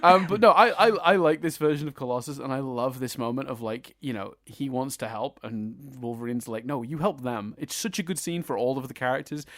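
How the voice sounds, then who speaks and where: A man's voice: mid-range voice, a little fast, hardly any pauses, fairly bright tone, no echo, clean studio sound. A man co-hosting a film review podcast, chatting enthusiastically, laughing often and swearing casually. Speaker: podcast co-host.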